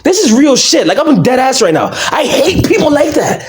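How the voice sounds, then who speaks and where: A young man hosting his own channel, ranting in casual commentary, loud and excitable, swinging between shouting and mumbling. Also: extremely high pitch, moderate pace, background noise. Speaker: channel host.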